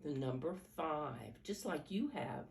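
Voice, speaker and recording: Low-voiced older woman reading to preschoolers. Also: expressive, a little slow, vocal fry, darkish tone. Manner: coaxing teacher-like, counting along and asking questions. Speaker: storyteller for preschoolers. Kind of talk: reading picture books aloud to children. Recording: roomy echo, mic at a distance, faint background hum.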